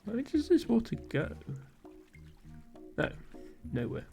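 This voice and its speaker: A man's voice: very high-pitched, wildly swooping pitch, slow, creaky, a little mellow, soft background music. A man streaming a video game live, thinking aloud with frequent ums and little chuckles.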